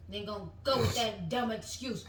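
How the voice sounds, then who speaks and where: A woman's voice: mid-range voice, moderate pace. A woman co-host in casual chat, taunting and accusing. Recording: roomy, distant mic, faint background noise.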